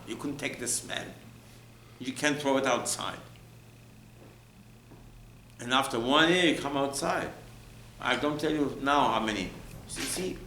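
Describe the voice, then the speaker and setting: A man giving a sermon as a rabbi, animated, often jumping up in pitch to mock people. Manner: animated, acts out mocking voices, jumps high in pitch. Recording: echoey room with faint ambient noise.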